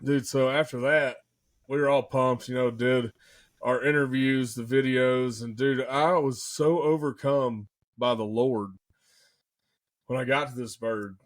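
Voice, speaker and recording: A young man, excitedly telling a hunting story in casual podcast chat, full of folksy slang. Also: medium pitch, unhurried.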